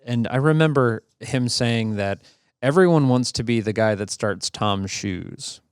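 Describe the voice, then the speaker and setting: This podcast co-host tells a story casually, in an easygoing way full of fillers and restarts. His mid-range male voice is unhurried and smooth, captured in a dry, studio-quality recording.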